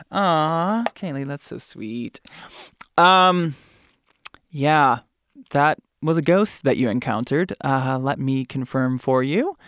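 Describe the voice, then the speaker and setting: A man's voice: medium pitch, slow, fairly bright tone, no echo, clean studio sound. A man hosting a podcast in casual chat, with a chatty, playful, campy manner. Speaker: podcast host.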